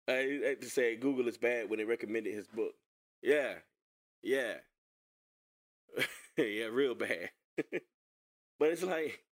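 A man with a medium-pitched voice reacts casually to a video clip, sarcastic and animated. He often repeats himself while addressing viewers.

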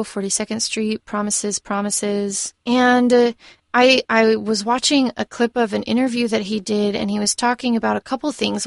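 A young woman chats casually as a podcast co-host, with a gravelly, creaky edge to her voice. She restarts her sentences often and keeps things lively. The sound is dry and close. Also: on the high side, no room sound. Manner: chatty, with restarts and fillers. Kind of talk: casual film discussion chat.

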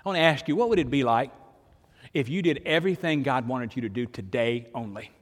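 A man's voice: mid-range voice, fairly quick, in a large hall. An older man, preaching a sermon in a conversational storytelling way, with sudden emphatic rises. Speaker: pastor.

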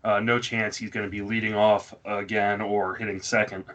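A man's voice: on the low side, little pitch movement, normal speed, a bit bright. A man hosting a casual fantasy baseball show, thinking aloud with many fillers as he comments on a live draft. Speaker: fantasy baseball podcast host.

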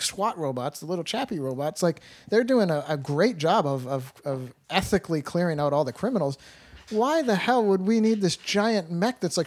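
Brief: male host, casual movie chat, animated, profane, acts out quotes. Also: high voice.

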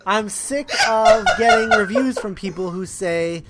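A man's voice: high voice, unhurried, heavy background noise. A man co-hosting a fan podcast, chatting casually and agreeing emphatically. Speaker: podcast co-host.

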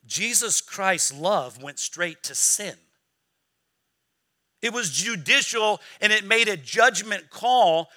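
Pastor, male, high and very bright voice, lively sermon delivery with call-and-response. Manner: preaching with call-and-response questions to the congregation; acts out quoted voices in a lively, mocking tone.

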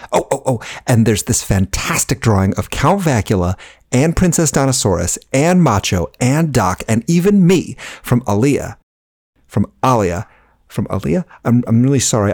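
A man's voice: fairly low pitch, darkish tone. A man playing Scotty, a bubbly, chatty male host character who tells puns and talks straight to the listeners in a children's audio drama. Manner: bubbly, chatty, punny, addresses listeners directly. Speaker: show host.

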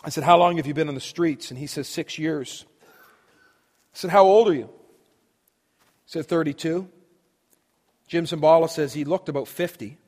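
A man preaching a sermon to students, telling a story and swinging between loud and hushed delivery. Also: fairly high pitch, moderate pace, long pauses. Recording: long reverb of a hall.

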